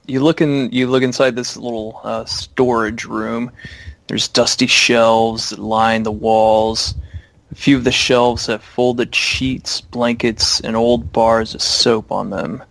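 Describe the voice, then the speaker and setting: A man narrating a tabletop game as game master, halting with many fillers. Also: medium pitch, level tone, gravelly, fairly bright tone, no room sound.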